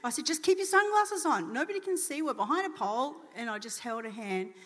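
A woman telling a testimony from a church stage, animated and acting out the dialogue. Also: high voice, fairly quick. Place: church auditorium. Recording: church hall reverb.

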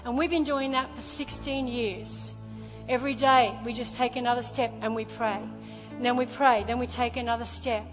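A woman's voice: a little high, steady tone, moderate pace, over music. Woman pastor preaching in a reverberant hall. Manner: storytelling, impassioned, swings from hushed to loud. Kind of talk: sermon. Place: large church hall.

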